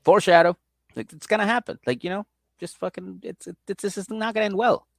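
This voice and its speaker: A man's voice: high voice, fairly even intonation, fairly quick, gravelly, dry recording, clean studio sound. A man co-hosting a comedy podcast at home, chatting casually and acting out people's lines in put-on voices. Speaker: podcast co-host recapping a reality show. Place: at home on a couch with his dog.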